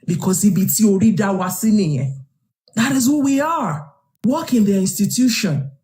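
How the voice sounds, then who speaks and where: A woman's voice: mid-range voice, lively intonation, moderate pace, mellow, echoey room. A woman with a Yoruba accent hosting a live stream, speaking passionately, asking rhetorical questions and switching between Yoruba and English. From Yoruba southwest Nigeria. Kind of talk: impassioned live stream monologue.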